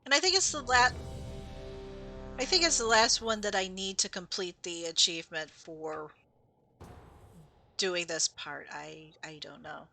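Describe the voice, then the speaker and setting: A woman's voice: on the low side, a little slow, gravelly, pauses often, pushed and bright. A woman streamer giving casual, chatty commentary while she plays, explaining game lore and laughing at her own mistakes.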